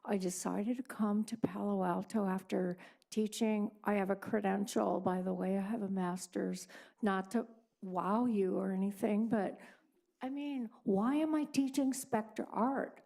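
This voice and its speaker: A woman's voice: medium pitch, fairly even intonation, a little slow, vocal fry, warm tone. A woman, an art teacher, giving a candid and sarcastic public comment at a school board meeting.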